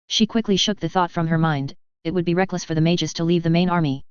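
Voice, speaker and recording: A narrator reading a fan fiction story aloud in a steady, even storytelling voice. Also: medium pitch, quick pace, hardly any pauses, clear, resonant tone, dry recording. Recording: dry, slightly dull lo-fi recording.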